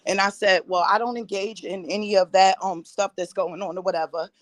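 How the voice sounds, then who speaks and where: A woman's voice: medium pitch, fairly even intonation, a little fast, no room sound. A woman joining a live chat by phone as a panel guest, telling her side in an angry, defensive way and swearing. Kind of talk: heated call-in chat.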